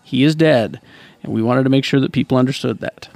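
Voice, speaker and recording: A man's voice: medium pitch, a little fast, vocal fry, darkish tone, a little hiss or hum. A man hosting a casual podcast chat, reading out news with frequent fillers and restarts. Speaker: podcast host.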